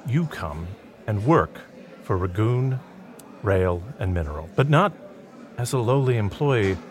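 A man voicing a scheming rail company boss who talks in a slow, pompous way. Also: on the low side, very animated. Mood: persuasive.

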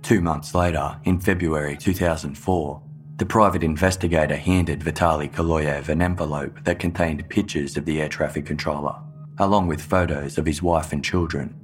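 A man reading a scripted true-crime narration in a measured, even storytelling delivery. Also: very deep voice.

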